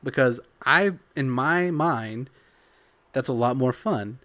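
A man's voice: mid-range voice, expressive, slow, pushed and bright, no room sound. Opinionated man, dry close sound. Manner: opinionated, talks in long runs. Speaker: tabletop role-playing player. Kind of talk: casual podcast chat.

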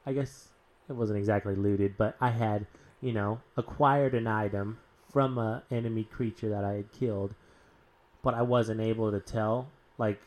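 A man's voice: on the low side, steady tone, moderate pace, a little mellow. A man chatting casually as a tabletop role-playing player, rambling and full of restarts. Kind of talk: casual podcast chat.

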